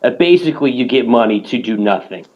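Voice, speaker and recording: A man's voice: medium pitch, quick pace, muffled recording. Foul-mouthed man ranting on a podcast. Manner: animated storytelling, swears a lot. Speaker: podcast co-host. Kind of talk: casual profane chat.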